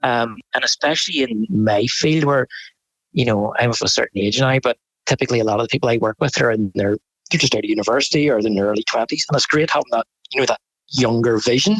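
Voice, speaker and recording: A Northern Irish man, a photographer guest, chatting casually in a rambling, animated way with frequent restarts. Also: medium pitch, fast talker, no room sound, low-quality recording. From Northern Ireland. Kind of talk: casual interview chat.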